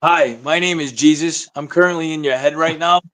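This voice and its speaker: A man with a Massachusetts accent chats casually as a rapper guest, joking and laid-back. His voice sits a little high for a man, and he rambles a bit, dropping asides and deadpan gags. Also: a little fast, crowd noise. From Massachusetts, USA. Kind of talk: casual interview chat.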